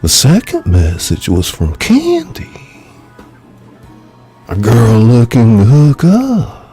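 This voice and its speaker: A man, an author, reading his own thriller novel aloud in measured, dramatic storytelling. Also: medium pitch, huge pitch swings, dark tone, soft background music. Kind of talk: live audiobook narration.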